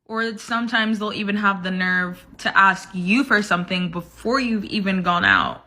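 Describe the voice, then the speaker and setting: A woman's voice: mid-range voice, animated, moderate pace, pushed and bright. A woman giving sassy, teasing opinions in a casual vlog.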